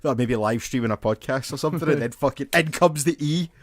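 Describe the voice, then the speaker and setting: A man's voice: mid-range voice, fast talker, no echo, studio quality. A man co-hosting a podcast, telling sweary stories in casual chat. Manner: sweary storyteller who laughs at his own stories. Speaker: podcast co-host.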